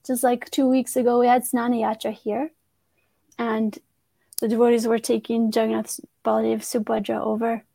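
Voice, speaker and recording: A woman coach tells a personal story in an earnest, reflective way. Her voice sits a little high, and she often restarts her sentences as she thinks. The recording is close and dry. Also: level tone, moderate pace, gravelly, mellow, no echo. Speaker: guest, transformative coach. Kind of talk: conversational storytelling.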